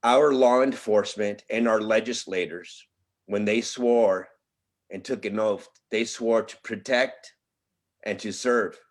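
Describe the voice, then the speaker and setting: Bereaved father at a press podium, lower-pitched man, pleading and choked with emotion. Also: a little slow. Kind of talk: emotional public statement.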